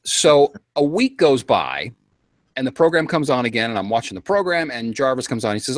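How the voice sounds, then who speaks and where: A man telling a long story to a panel in a casual, animated way, acting out quotes and getting worked up. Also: mid-range voice, fairly quick, no room sound.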